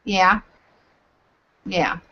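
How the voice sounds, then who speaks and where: A woman teaching yoga teacher trainees over a video call, giving clear, deliberate instructions. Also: mid-range voice, fairly even intonation, bright, forceful tone, highs cut off, a little hiss or hum. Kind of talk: live online teacher training.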